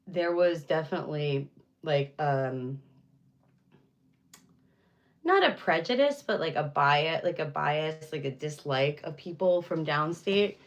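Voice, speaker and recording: A woman's voice: low voice, expressive, slow pace, pauses often, dull audio. A young woman chatting casually with viewers on a livestream, rambling with lots of fillers and easy laughs.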